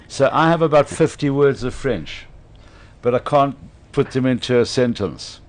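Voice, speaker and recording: A man hosting a radio chat, spinning a lively anecdote with plenty of laughter. His pitch sits in an ordinary middle range, and his delivery is relaxed and conversational. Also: unhurried. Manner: animated anecdote teller, laughs often. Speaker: radio host. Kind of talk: casual storytelling chat.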